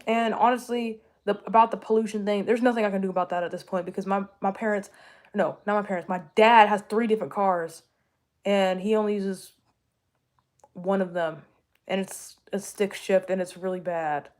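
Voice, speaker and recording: A young woman chats with viewers in a loose, rambling way. She keeps correcting herself mid-sentence and jokes as she goes. Her voice sits at an ordinary middle pitch. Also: fairly even intonation, normal speed, a little mellow. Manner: rambling, self-correcting, jokey, with laughs. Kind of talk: casual chat answering viewers.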